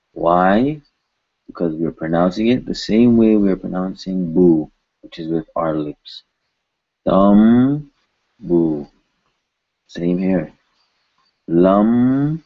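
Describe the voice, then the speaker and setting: A language teacher with a low voice gives a pronunciation lesson, patiently saying each word several times. The sound is lo-fi.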